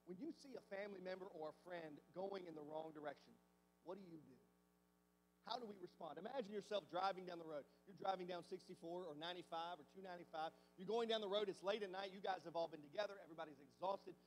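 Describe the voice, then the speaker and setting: A man's voice: sits high, fast, long reverb tail, a little hiss or hum. A man preaching a sermon as pastor, talking conversationally and asking the congregation many rhetorical questions. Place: church sanctuary.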